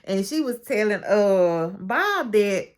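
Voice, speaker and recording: A woman casually recapping a show's episode, chatty and expressive, acting out what each person said. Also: medium pitch, takes it slowly. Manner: chatty and expressive, calls listener "baby"; retells scenes with quoted dialogue. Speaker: show recap reviewer.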